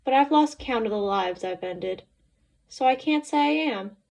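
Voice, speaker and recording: A woman's voice: a little high, animated, moderate pace, gravelly, a little mellow. A woman voicing a blunt cold alien. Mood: flat. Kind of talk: audiobook character voice.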